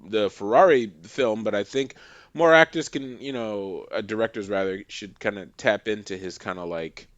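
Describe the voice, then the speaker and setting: Male podcast guest, low-ish voice, rambling casual delivery, dry lo-fi mic. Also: moderate pace, dry recording. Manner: loose, filler-heavy talk with many "like" and "you know". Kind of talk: casual chat. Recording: dull, dry lo-fi sound.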